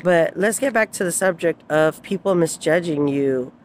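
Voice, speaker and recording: A woman's voice: on the low side, normal speed, slight background noise. A woman telling personal stories in a casual vlog, rambling with many fillers and frequent laughs. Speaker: vlogger.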